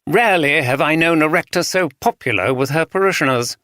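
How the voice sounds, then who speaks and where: Icy male archdeacon, refined RP accent, precise diction, raised pitch, dry, as a man puts him on. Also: a little fast, pushed and bright, dry recording. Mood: cool. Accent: RP English.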